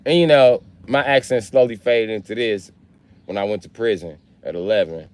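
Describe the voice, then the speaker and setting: A young man with a very low voice rambles through a casual live stream, swearing freely and talking straight to his chat. His talk wanders from one story to the next in an easy, unpolished flow. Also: lively intonation, fairly quick, no room sound. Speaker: livestreamer.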